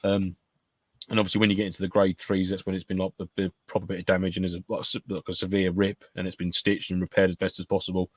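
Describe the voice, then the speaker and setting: A man's voice: low voice, level tone, dry recording. A British man co-hosting a podcast, chatting casually with lots of "you know" and restarts. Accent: British English. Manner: rapid, chatty, full of "you know" and repeats. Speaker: podcast co-host. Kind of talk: casual chat.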